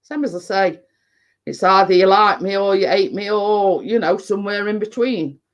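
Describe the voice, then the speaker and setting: An English woman who vlogs about baking chats casually on a live stream at a moderate pace, her voice mid-range. She's blunt and rambling, with frequent fillers and "you know what I mean."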